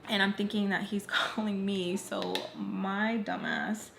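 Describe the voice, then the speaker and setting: A woman's voice: medium pitch, steady tone, a little slow, vocal fry. A woman telling a storytime on her vlog, emphatic and candid, swearing bluntly as she recounts events. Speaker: vlogger. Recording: roomy echo, faint background noise.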